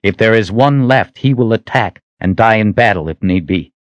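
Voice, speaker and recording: A man's voice: lowish voice, lively intonation, moderate pace, no echo, lo-fi sound, pitched above the performer's own voice, close to an everyday voice. A man playing a resolute young army captain. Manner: earnest, raised and intense delivery.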